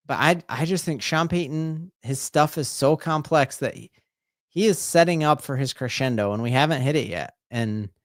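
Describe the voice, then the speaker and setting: A man streaming live fan play-by-play commentary. He talks casually and rambles, then erupts into loud repeated exclamations. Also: mid-range voice, no echo, clean studio sound. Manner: rambling, casual, full of fillers and restarts.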